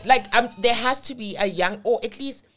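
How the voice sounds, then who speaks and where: A woman's voice: a little high, moderate pace, very noisy. A woman, a podcast guest telling her story in a blunt, emphatic way and swearing freely. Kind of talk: candid conversational storytelling.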